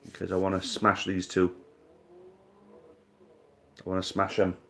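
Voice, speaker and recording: A man hosting a live-stream quiz, chatting casually, thinking out loud, swearing now and then and calling the players mate. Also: low voice, completely flat delivery, a little slow, gravelly, slight background noise.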